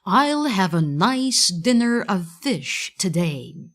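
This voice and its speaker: A woman voicing a greedy old fisherman in a gruff, matter-of-fact way for a storybook reading. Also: medium pitch, sing-song, slow pace. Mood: gloating.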